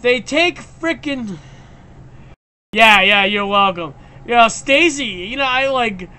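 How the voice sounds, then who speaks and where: Brief: male streamer, excitable and ranty, sharp bright tone, frequent stammered restarts. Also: very high voice, slow, clean tone. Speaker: live stream host. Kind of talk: ranting casual live stream chat.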